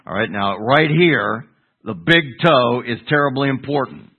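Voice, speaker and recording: Heard on a tinny radio broadcast that sounds like a phone, an older man who pastors delivers a Bible teaching in an expressive, unhurried, slightly rough mid-range voice. He questions the congregation, then answers himself.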